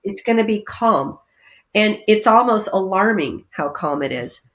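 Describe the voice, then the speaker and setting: Animated woman explaining breathing practice. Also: unhurried. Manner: lively, acts out inner voices with big pitch jumps. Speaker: guest energy healer. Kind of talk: podcast interview, coaching talk.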